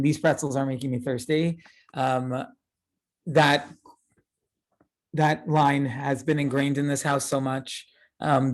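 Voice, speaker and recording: A man in his thirties, a rabbi giving a casual lecture, chatty and full of fillers and tag questions. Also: medium pitch. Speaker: rabbi teaching a class.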